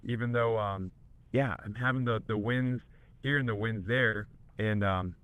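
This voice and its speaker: A man's voice: lowish voice, a little slow, fairly bright tone, clear, resonant tone, no echo. A man, an entrepreneur being coached, speaking hesitantly with many fillers. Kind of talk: casual conversation.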